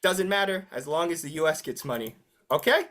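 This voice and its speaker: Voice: medium pitch, brisk. A teacher running an interactive online class, joking and asking the students questions. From United States. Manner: lively, teasing, asks the class questions. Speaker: English teacher.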